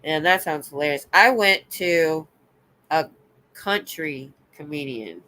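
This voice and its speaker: A woman with a stuffy nose, hosting a casual late-night livestream, chatting loudly, laughing often and reading out comments. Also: sits low, slow pace. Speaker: livestream host. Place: home.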